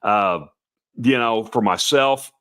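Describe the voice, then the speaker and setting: Raspy older man rambling on a livestream. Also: lowish voice, takes it slowly, pushed and bright. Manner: rambling, full of restarts, chatting to viewers. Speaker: Santa performer hosting a show. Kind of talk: casual livestream talk.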